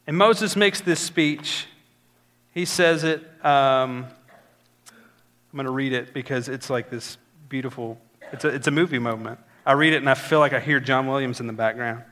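A man's voice: mid-range voice, normal speed, sharp tone. A man preaching a sermon as pastor, earnest and building to emphatic exhortation.

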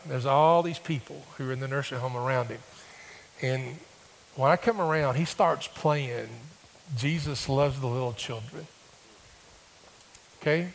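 A male pastor, preaching a sermon and telling stories that rise to emphatic, excited bursts. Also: a little high, vocal fry, in a large hall, slight background noise. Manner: storytelling, rising to emphatic bursts.

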